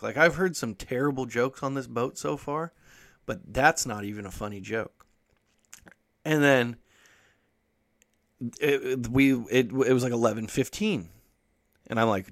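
A podcast host speaks in a medium-pitched, unhurried voice, telling a rambling, profane story as a casual monologue. He also reads articles aloud, adding his own asides, and grows animated whenever he quotes himself.

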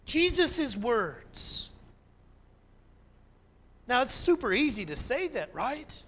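A male pastor preaching a sermon in an animated way, climbing to emphatic peaks and then dropping soft. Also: very high-pitched, takes it slowly.

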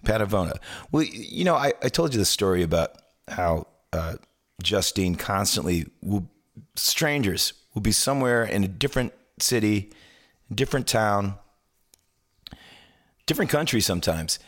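A man co-hosting a casual music podcast, telling stories with many stammered restarts. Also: moderate pace. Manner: animated storyteller, swings pitch wide, stammers on restarts. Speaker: podcast co-host. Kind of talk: casual chat.

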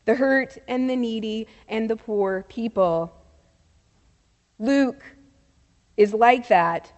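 A woman preaching a sermon, telling a story in a slow, measured way with soft pauses. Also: a little high. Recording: long reverb of a large hall.

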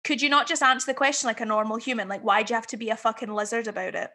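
A woman's voice: a little high, fairly even intonation, rapid-fire, pushed and bright. A woman talking in a casual chat, blunt and swearing freely.

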